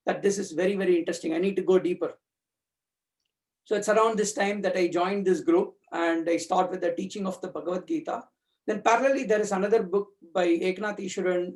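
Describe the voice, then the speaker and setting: This man, a community speaker, reflects personally on his spiritual reading, stumbling through fillers and restarts as he searches for words. He has a high-pitched voice with a darkish tone.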